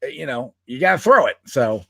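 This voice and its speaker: A man co-hosting a casual sports podcast, talking in an animated way, laughing often and restarting his sentences. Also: medium pitch, fairly quick, creaky, husky, no echo, studio quality. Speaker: podcast co-host.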